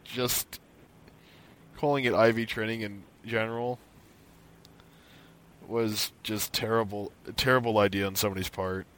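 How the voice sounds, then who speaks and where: A man's voice: on the low side, steady tone, measured pace, pauses often, fairly bright tone. A young man co-hosting a podcast in casual chat, reading listener emails aloud with opinionated asides.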